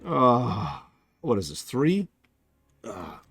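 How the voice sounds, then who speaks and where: A man giving casual, animated live-stream commentary while reviewing a game, laughing and joking at his own mishaps. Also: mid-range voice, extremely slow, creaky, husky, no echo, faint music behind. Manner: animated, laughing, self-mocking.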